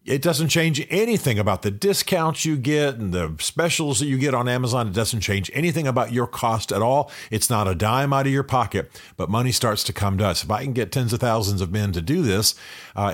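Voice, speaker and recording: An older man and men's ministry leader giving a direct, earnest motivational talk to men. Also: mid-range voice.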